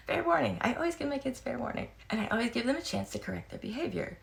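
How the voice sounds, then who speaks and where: A woman's voice: on the high side, fast, gravelly, hardly any pauses. A woman in her thirties talking frankly and casually to camera, swearing freely, laughing often and acting out quoted voices. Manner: animated, acts out quoted voices. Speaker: vlogger.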